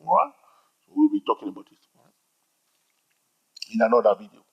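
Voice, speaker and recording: A trading educator gives an informal teaching monologue, emphatic and repetitive, regularly asking "all right?". His fairly low voice is sing-song and fairly quick with a breathy edge, captured in a dull lo-fi recording.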